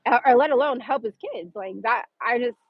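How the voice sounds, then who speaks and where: A woman with a slightly high voice talks through a personal story on her livestream, loose and conversational, dropping "like" all the time. The sound is dull and lo-fi, close and dry with no room echo. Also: fairly quick, slightly rough. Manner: chatty, filler-heavy with frequent "like". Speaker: livestream host. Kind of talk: casual storytelling monologue.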